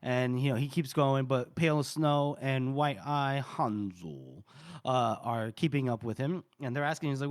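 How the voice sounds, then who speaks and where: In an unhurried, mid-range voice, a man co-hosting a podcast casually recaps a chapter of a fantasy novel. He's loose and joking, acting out quoted lines and swearing freely as he goes.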